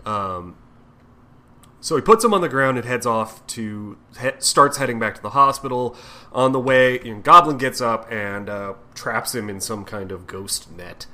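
A man with a bright, forceful voice talks through a comic-book plot on a podcast. He curses casually and jumps into the characters' lines while retelling. His pitch sits in the middle range. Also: normal speed. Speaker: podcast co-host.

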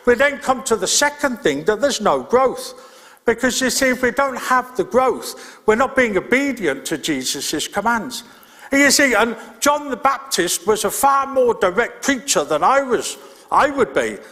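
Male pastor preaching, earnest and plain, kinda high voice, long church echo. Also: very animated, normal speed, pushed and bright. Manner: earnest, plain-spoken, repeats key points. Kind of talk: sermon.

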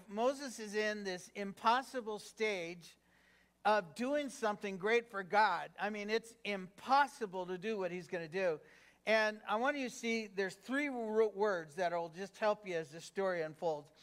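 A high-voiced man preaching as pastor. He keeps it conversational, with fillers and restarts, and keeps turning to the congregation with questions. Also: fairly bright tone. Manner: engaging, asks the congregation questions. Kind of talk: sermon.

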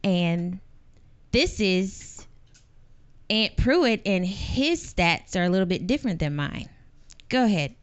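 Woman hosting a chill podcast, talks real slow, smooth clear voice, dry sound. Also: mid-range voice, expressive, dry recording, lo-fi sound. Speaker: podcast co-host. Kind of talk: casual chat.

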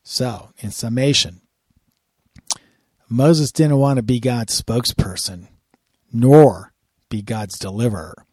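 A man's voice: medium pitch, slow pace, long pauses, a little mellow, slightly rough, no room sound, studio quality. A man giving a sermon-style Bible lesson, earnest and often repeating words as he starts a phrase. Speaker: Bible teacher.

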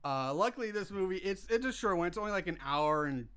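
A bright, slightly high-voiced young man hosting a horror podcast. He talks casually but flares into swearing, worked-up rants. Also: lively intonation, quick pace, smooth. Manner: profane, worked-up ranting. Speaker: podcast host.

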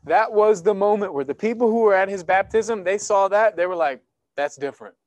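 A young man preaches to his church in a lively, conversational way, slipping into quick acted-out exchanges to make his point. His voice sits high for a man. The sound is close and dry, with no room echo. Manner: animated, conversational preaching with sports analogies. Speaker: pastor. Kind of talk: sermon. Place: church sanctuary.

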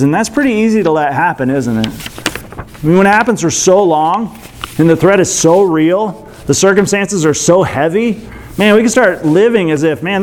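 A man's voice: fairly high pitch, a little mellow. Casual conversational male preacher. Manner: conversational, uses fillers like 'like' and 'man'. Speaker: pastor. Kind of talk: scripture reading and casual sermon commentary.

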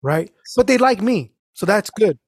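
A man's voice: high-pitched, moderate pace, dry recording. Profane man telling a story, dry mic. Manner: animated, profane, acts out voices. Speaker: guest storyteller. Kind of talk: casual storytelling chat.

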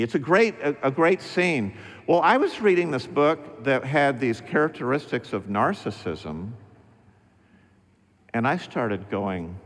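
A middle-aged male pastor delivering a sermon with emphatic, slow, repeated refrains. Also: mid-range voice, big pitch swings. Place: church sanctuary. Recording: long reverb of a church hall.

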